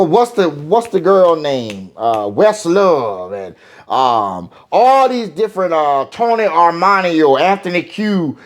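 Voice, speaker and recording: An older man, a singer talking in an interview in a rambling, folksy way with many fillers and restarts. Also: fairly high pitch.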